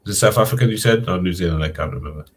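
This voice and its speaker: A man chatting casually on a video call, telling rambling stories in a soft-spoken way. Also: sits low, rapid-fire, slightly rough. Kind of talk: casual chat.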